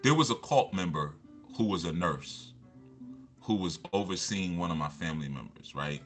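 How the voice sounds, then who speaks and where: A deep-voiced man in a casual motivational talk, rambling through personal stories with frequent restarts. His tone is forceful and bright, pushing each point. Soft guitar music sits faintly underneath. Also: animated, normal speed. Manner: rambling, with many repeated fillers and restarts. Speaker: motivational speaker.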